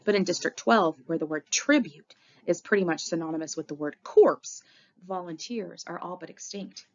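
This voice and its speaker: A woman narrates a novel in the first person with a low voice and a gravelly edge. Her reading is expressive and dramatic, and the recording sounds dull and lo-fi. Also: normal speed. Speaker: audiobook reader. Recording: dull lo-fi audio.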